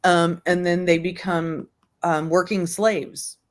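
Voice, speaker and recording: A woman's voice: on the low side, level tone, takes it slowly. A woman hosting an online book club, reading aloud and then talking about the book frankly with plenty of fillers and the odd curse. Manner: frank, rambling, profanity with fillers.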